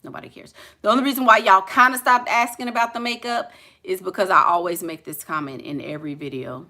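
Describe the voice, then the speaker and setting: A woman's voice: medium pitch, fairly even intonation, brisk, bright, forceful tone. A woman vlogger answering viewer questions in blunt, sassy casual chat full of slangy asides.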